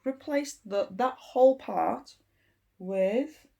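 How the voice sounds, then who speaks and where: A woman giving an informal language lesson, explaining step by step in an unhurried way with frequent ums. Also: a little high, animated, vocal fry, warm tone. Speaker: English teacher.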